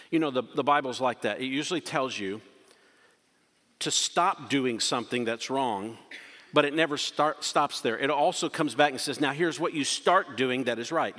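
Man preaching, bright forceful tone, slightly raised pitch, long hall reverb, impassioned. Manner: impassioned, swings from loud urgent questions to quiet emphasis. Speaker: pastor. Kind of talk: sermon.

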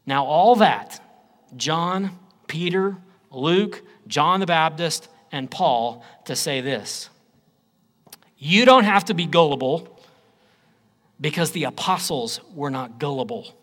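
A man preaching a sermon, swinging between loud declarations and low, quiet phrases. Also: animated, slow, pauses often. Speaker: pastor.

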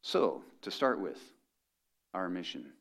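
Low-voiced joking male pastor. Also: very animated, takes it slowly, gravelly, a bit bright, husky. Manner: conversational, joking with the congregation. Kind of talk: sermon.

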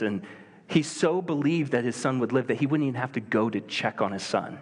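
Animated preacher in a reverberant hall. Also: male voice, medium pitch, moderate pace, husky. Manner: conversational, animated, acts out biblical voices. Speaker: pastor. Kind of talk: sermon. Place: church sanctuary.

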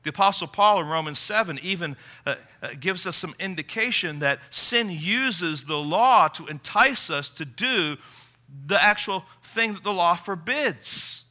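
A man preaching a sermon, emphatic, moving from quiet reflection to forceful appeals. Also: sits high, expressive, unhurried.

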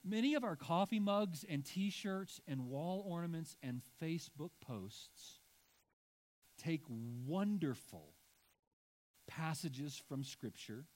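A man's voice: on the high side, lively intonation, takes it slowly, darkish tone. A middle-aged man preaching a sermon to a congregation, talking casually with frequent asides and rising to emphatic points. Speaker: pastor.

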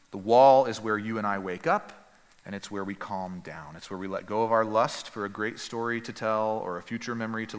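A man preaching a sermon as pastor, earnest and emphatic, with dramatic pauses and quiet drops. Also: on the low side, in a large hall.

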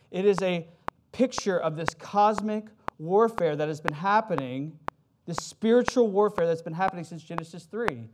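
A man's voice: high voice, animated, normal speed. A man preaching a sermon in a conversational way, with fillers and self-corrections, who reads scripture with rising emphasis. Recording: loud background noise.

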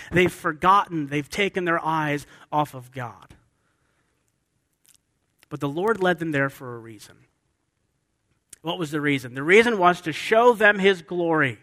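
A man's voice: fairly high pitch, sharp tone. A man preaching a sermon with emphasis, often asking his listeners questions. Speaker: pastor. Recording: long hall reverb.

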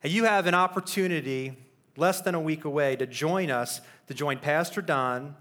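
A man's voice: on the high side, moderate pace, a bit bright. A man speaking as a youth pastor in church, recapping a weekend retreat with upbeat stories and rousing questions to the congregation. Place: church sanctuary.

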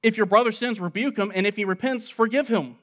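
A man's voice: sits high, fairly quick, fairly bright tone. A man preaching a sermon in the manner of a Bible study, earnestly reading scripture aloud and explaining it verse by verse.

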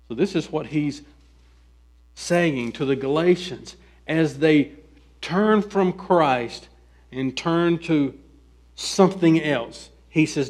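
A male pastor preaching an expository sermon, reading scripture aloud and questioning his listeners, swinging from quiet asides to loud, emphatic pleading. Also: fairly high pitch, unhurried.

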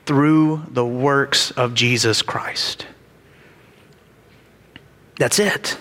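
A man's voice: mid-range voice, a bit bright. A man preaching a sermon as pastor, emphatic and repetitive, with dramatized quotes. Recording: reverberant hall.

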